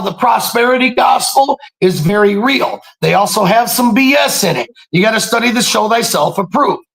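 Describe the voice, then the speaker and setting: A man telling stories in a casual monologue, animated and preachy, swearing freely and often breaking into shouts. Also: sits high, vocal fry, poor audio. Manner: profane, streetwise slang. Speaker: podcast speaker.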